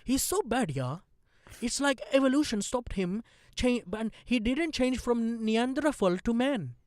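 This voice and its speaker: A man's voice: extremely high pitch, expressive, a little slow, no echo, studio quality, voice pushed up. A man putting on a mocking Indian-accented commenter. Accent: put-on Indian English. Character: mocking young man, offhand online commenter.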